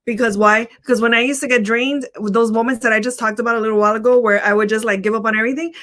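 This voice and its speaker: A woman's voice: a little high, steady tone, rapid-fire, a bit bright. A middle-aged woman co-hosting a motivational talk show, talking with energy and often repeating herself. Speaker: co-host.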